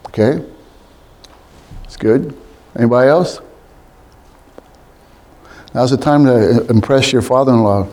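A man leading a group Bible study in a room with others present, halting, with many restarts and frequent throat clearing. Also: medium pitch, a little mellow.

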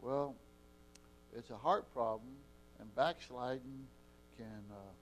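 A man preaching a sermon with impassioned delivery, his loudness swinging between soft and strong. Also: medium pitch, takes it slowly, slight background noise. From Eastern Oregon.

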